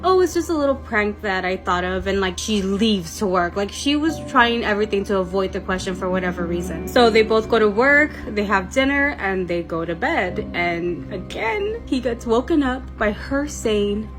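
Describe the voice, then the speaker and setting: A chatty woman spins a creepy tale in a loose, everyday way, swearing freely as she goes. Her voice sits at an ordinary pitch. Faint music plays underneath. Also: lively intonation, moderate pace, hardly any pauses. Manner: chatty, swears freely, laughs mid-story. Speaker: storyteller. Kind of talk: casual retelling of a scary story.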